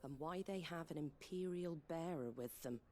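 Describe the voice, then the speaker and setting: A woman's voice: low voice, normal speed, a little mellow, close to an everyday voice. A woman playing a wary tavern landlady. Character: wary middle-aged woman innkeeper.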